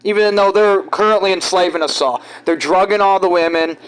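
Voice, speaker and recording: A man from giving rambling, halting, conspiratorial commentary over video clips. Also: high voice, clean tone, rough recording. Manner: halting, restarts often, conspiratorial. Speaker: vlogger.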